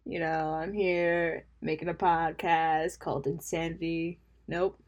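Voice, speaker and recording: A young woman hosts a casual solo podcast, rambling and mocking herself, laughing at her own jokes and slipping into mumbled asides. Her voice is low with little pitch movement, and she keeps a measured pace.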